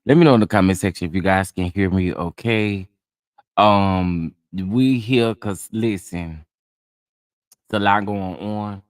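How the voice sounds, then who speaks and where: A man's voice: sits low, a little slow, dry recording. Male livestream host, slightly sick, chatty and drawling, dry close-mic sound. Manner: chatty, greets viewers by name, drawling asides. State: under the weather. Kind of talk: casual live chat.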